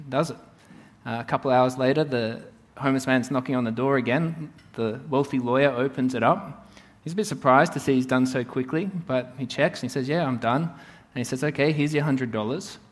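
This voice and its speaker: Man preaching in a chatty, storytelling way. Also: mid-range voice. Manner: conversational, storytelling with restarts. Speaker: pastor. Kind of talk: sermon.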